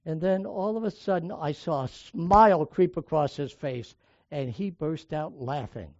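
A man's voice: a little high, a little slow, a little mellow, no room sound, highs cut off. An older man from the United States preaching a sermon, telling personal stories in a conversational way and raising and dropping his volume for emphasis.

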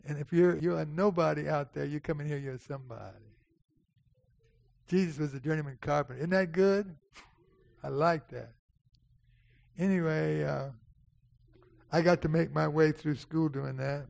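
A man's voice: fairly high pitch, moderate pace, gravelly, long pauses, a little mellow. An older man, preaching a sermon and telling a folksy personal story, calling out to people in the congregation by name. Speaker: pastor.

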